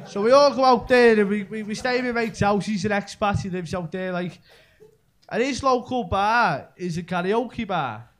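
A young man with a Scouse accent, from Merseyside, England, does a meandering live stand-up set crammed with local slang. His voice is high and his pace moderate, and the comedy club recording carries the audience's laughter.

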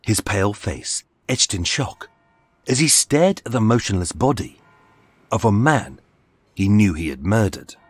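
Husky, low-voiced male true-crime narrator; dramatic, lively pitch, measured scripted delivery. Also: dry recording. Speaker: podcast narrator. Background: faint music.

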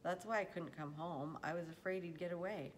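A woman's voice: lowish voice, fairly quick, a little hiss or hum, lightly acted. A woman reading aloud as a determined young farm boy who speaks earnestly and pleadingly.

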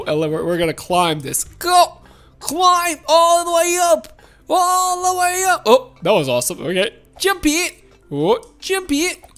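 A woman giving excited gameplay commentary to her viewers, exclaiming and laughing often. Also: mid-range voice. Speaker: gaming video host.

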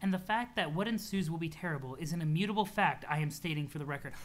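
A streamer voicing a detached, gloomy young troll girl from a webcomic, reading her lines in a flat, solemn way. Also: medium pitch, fast, pitched below the performer's own voice, lightly acted.

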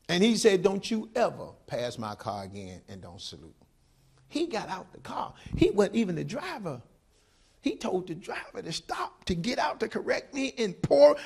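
High, gravelly, animated preacher. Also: male voice. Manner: impassioned preaching with call-and-response. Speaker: pastor. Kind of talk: sermon.

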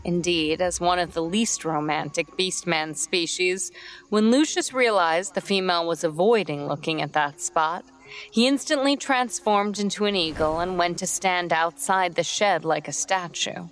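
A woman narrating a storybook in a steady, even read. Her voice sits on the low side, with faint music playing under her. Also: moderate pace. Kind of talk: scripted narration.

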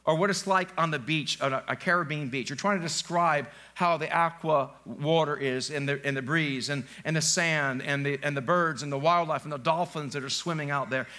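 Man, pastor, high voice, live church sermon, casual and joking, asks the congregation questions. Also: brisk, hardly any pauses, bright, forceful tone. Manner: conversational, joking, quizzes the congregation. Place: church sanctuary, live service.

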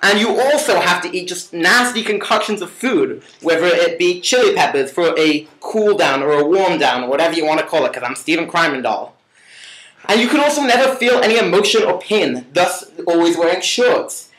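A man's voice: high-pitched, lively intonation, moderate pace, a bit bright. A young man playing his carefree, cocky roommate, mocking and boastful and repeating a catchphrase. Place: room at home. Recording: echoey room.

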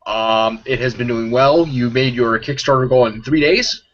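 On a casual live-stream interview, a gaming show host rambles and chats with frequent laughter. His medium-pitched voice is a bit bright and moves at a moderate pace, captured in somewhat dull lo-fi audio.

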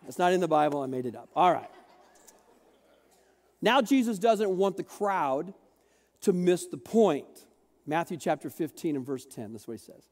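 A man preaches to his congregation in a high, bouncy voice that swoops up and down as he acts out the people in his stories. He jokes with the room and gets them to say words back to him. The sound rings with the long reverb of a big church hall. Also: big pitch swings, moderate pace. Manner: jokey, asks the congregation to repeat words. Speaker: pastor. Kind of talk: sermon.

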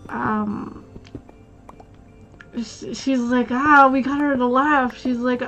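A woman streamer chats casually, rambling through a story with plenty of fillers and restarts. Her voice sits a little high and she speaks slowly. The sound is slightly muffled, with faint music playing underneath. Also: fairly even intonation, fairly bright tone.

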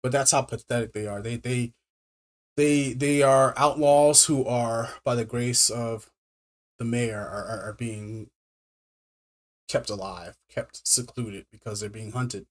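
Man, casual movie recap, repeats words, frequent fillers, mid pitch. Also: fairly even intonation, measured pace. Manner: stammering repetitions with many fillers. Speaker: film reviewer. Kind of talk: casual spoken film recap.

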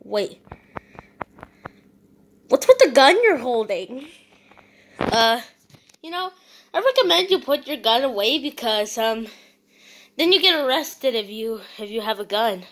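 A woman acting out a playful comedy skit, talking theatrically and swinging between chatty and panicked shouting. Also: a little high, big pitch swings, a little slow, long pauses.

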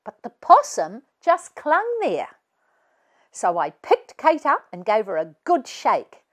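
Storytelling mum, dramatic, lively pitch, woman reading it, storybook. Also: slow, full character voice. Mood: animated. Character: lively storytelling mother of many.

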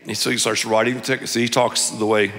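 Animated pastor in a reverberant hall. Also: male voice, medium pitch, quick pace. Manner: animated, jokey, acts out voices. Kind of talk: sermon with storytelling.

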